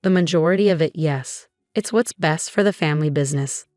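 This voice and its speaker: A man's voice: fairly high pitch, brisk, a little mellow, no echo, clean studio sound, close to an everyday voice. A woman reading as a cold, scornful drunk father. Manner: blunt and scornful. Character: drunk, cold, dismissive middle-aged father.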